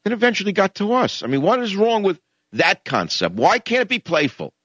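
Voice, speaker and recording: His voice sits high and moves briskly as this middle-aged radio host rants sarcastically and combatively. He shifts from muttering to loud, animated bursts, with no echo in the recording.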